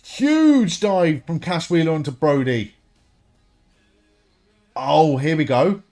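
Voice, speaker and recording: A young man hosting a live wrestling watch-along stream, reacting excitedly, swearing freely and chatting with viewers. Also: on the high side, takes it slowly, soft background music. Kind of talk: live reaction commentary and chat.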